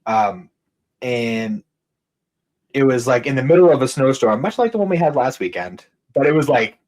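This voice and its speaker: A young man co-hosts a podcast in a mid-range, sing-song voice with a darkish tone, speaking at a moderate pace on a low-quality recording. He rambles through work stories, swearing casually and laughing often.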